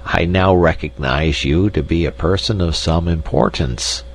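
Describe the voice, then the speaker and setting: A man's voice: deep voice, unhurried, a little hiss or hum. A man voicing a lazy, querulous male weasel king in a storybook reading, snappish and whiny.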